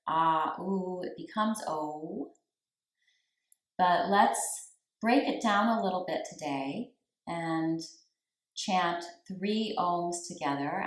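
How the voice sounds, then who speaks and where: A woman leads a yoga class in a slow, unhurried voice that sits a little low. She gives calm cues for breath and posture and leaves long pauses between them. The room around her is echoey. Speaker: yoga teacher. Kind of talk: guided yoga class instruction.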